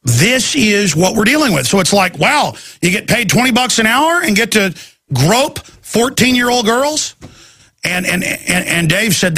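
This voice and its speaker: A man's voice: high voice, big pitch swings, a little slow, sharp tone, breathy edge, dry recording. A man hosting a talk show, delivering a rambling, ranting monologue full of restarts and stammers, acting out other people's voices. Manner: acts out quoted people in shifting voices.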